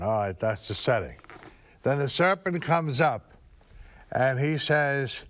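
Slow, smooth-voiced man explaining. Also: medium pitch, fairly bright tone. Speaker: instructor giving an assignment. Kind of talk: casual instruction, retelling a story.

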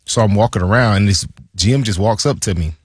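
A man, a former pro football player, co-hosting a casual podcast chat and telling stories with animated retellings. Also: fairly low pitch, fast talker, breathy edge, dry recording, clean studio sound. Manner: storytelling, animated retelling with lively quotes.

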